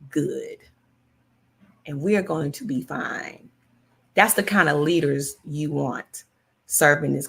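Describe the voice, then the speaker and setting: Gravelly-voiced woman chatting emphatically. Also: medium pitch. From California. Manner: chatty, emphatic, repeats herself, reads viewer comments aloud. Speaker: livestream host. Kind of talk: casual political chat with viewers.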